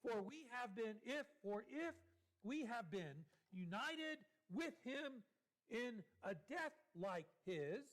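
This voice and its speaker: Slow, high-voiced male preacher. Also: sing-song, fairly bright tone. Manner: slow and deliberate, repeating key phrases for emphasis. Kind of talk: sermon. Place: church.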